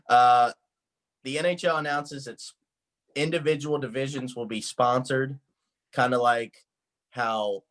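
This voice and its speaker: A man's voice: medium pitch, a bit bright. Young man telling rambling stories, laughing. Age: young adult. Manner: rambling storyteller, laughs often. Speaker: podcast co-host. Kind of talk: casual sports chat.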